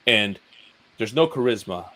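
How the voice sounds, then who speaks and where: A man's voice: lowish voice, unhurried. A man sharing his thoughts in a casual live stream chat, earnest and prone to repeating words. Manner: earnest, repeats words, mimics a dull flat speaker. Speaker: YouTuber guest.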